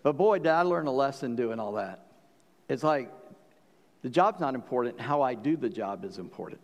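A man preaching a sermon as pastor, folksy and joking, with bursts of animated storytelling. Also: mid-range voice, normal speed, in a large hall, dull audio. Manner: folksy, joking, animated when quoting scripture.

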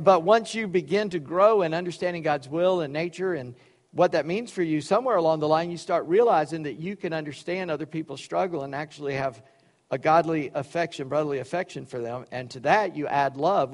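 A man preaching a sermon, reading scripture and explaining it with folksy, joking asides. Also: a little high. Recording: long reverb of a large hall.

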